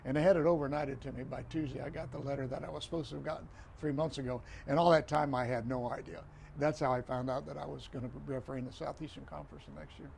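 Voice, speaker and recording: An older man, a retired referee, telling stories as a guest in a podcast interview, animated, repeating phrases and acting out dialogue. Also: medium pitch, fast, vocal fry, a little hiss or hum.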